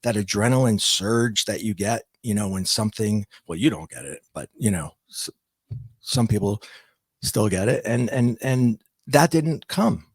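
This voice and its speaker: A middle-aged man, a podcast guest, telling a personal story in a reflective, halting way with frequent restarts. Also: lowish voice, lively intonation, slightly rough, no room sound.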